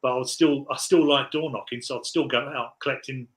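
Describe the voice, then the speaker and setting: A man's voice: medium pitch, steady tone, brisk, rough recording. A man in his forties, a podcast guest, telling rambling, laughing anecdotes in casual chat.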